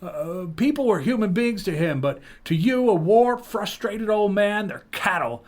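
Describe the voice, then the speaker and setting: A man's voice: high voice, expressive, unhurried, a little mellow, voice pushed up. A podcast host putting on the voice of an earnest, defiant young man who keeps stammering and restarting, in a comic dramatic reading. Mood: indignant. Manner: stammers and restarts, pleading and indignant. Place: podcast studio.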